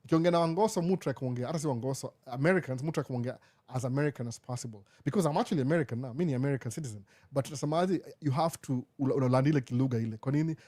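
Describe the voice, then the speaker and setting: Talking very fast in a mellow, mid-range voice, this live show host is a young Kenyan man with a Kenyan accent. He runs a relaxed Q&A chat, switching between Swahili and English as he goes.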